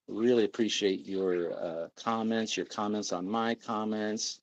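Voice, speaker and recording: A man's voice: fairly low pitch, slow pace, lo-fi sound. A middle-aged man hosting a casual livestream, rambling and reading out viewer comments. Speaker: livestream host.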